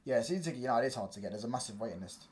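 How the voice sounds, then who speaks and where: Laid-back young streamer. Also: male voice, mid-range voice, animated, racing, darkish tone. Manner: loose, slangy, rambling with fillers. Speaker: football livestream host. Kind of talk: casual livestream chat.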